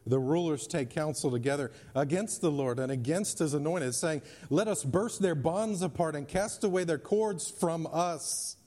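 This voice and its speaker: A man's voice: on the high side, normal speed, hardly any pauses, a little mellow. A male pastor preaching a sermon, reading scripture and driving points home with emphatic repetition. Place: church sanctuary.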